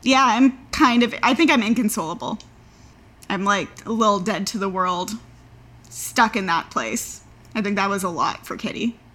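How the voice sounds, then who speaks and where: A woman's voice: mid-range voice, normal speed, a bit bright. A woman playing a tabletop game, talking hesitantly with many fillers. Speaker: player. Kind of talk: casual tabletop play.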